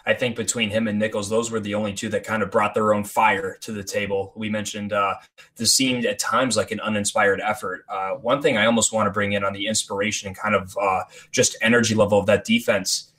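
Guy on a sports podcast, lowish voice but bright and punchy, lays out his point step by step. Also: little pitch movement, brisk. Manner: thoughtful, builds a point with examples. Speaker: podcast co-host.

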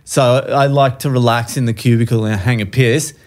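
A man's voice: mid-range voice, steady tone, moderate pace, a little mellow. Man, swearing storyteller. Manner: profane, laughing anecdote-telling. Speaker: guest comedian. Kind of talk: casual podcast storytelling.

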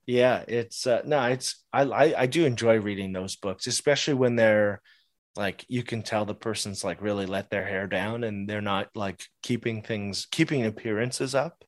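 A man's voice: on the low side, normal speed, no echo, studio quality. A man co-hosting a podcast, chatting casually about politics, laughing often and restarting his sentences. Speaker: podcast co-host.

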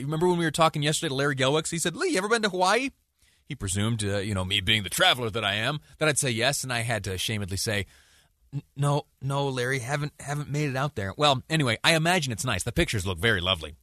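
A man's voice: mid-range voice, a bit bright, no room sound, clean studio sound. A man hosting a radio news show, telling a story in a rambling, self-deprecating way with many fillers and asides. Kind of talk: talk radio monologue.

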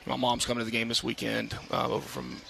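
A man talks like a coach on a live radio show, his gravelly voice bright and forward. He stops and restarts often and fills gaps with "you know". When he tells a story he picks up and gets lively. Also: medium pitch, a little hiss or hum. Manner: halting, many fillers and restarts, animated when telling stories. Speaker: head football coach. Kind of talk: casual radio interview. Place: outdoor brewery patio at a live radio show.

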